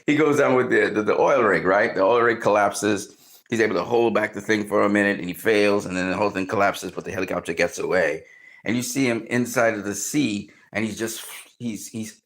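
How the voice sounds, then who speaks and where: A man in casual film commentary, excitedly retelling movie scenes, swearing often and acting out reactions. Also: on the low side, a little fast.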